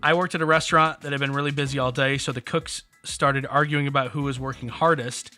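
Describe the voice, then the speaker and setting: A man's voice: mid-range voice, a little fast, faint music behind. A man co-hosting a podcast, chatting casually and telling stories with jokes. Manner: joking, animated storyteller. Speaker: podcast co-host.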